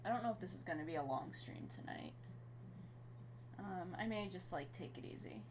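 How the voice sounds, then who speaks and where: A woman's voice: fairly low pitch, animated, normal speed, background noise. A sleepy woman streaming and chatting casually, rambling with many fillers. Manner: baby talk to her cat. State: sleepy, yawning.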